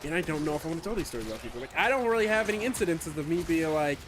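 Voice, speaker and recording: Talking very fast in a slightly high voice, a man streams a video game against steady background noise. He keeps up rambling gaming chat, swearing and poking fun at himself.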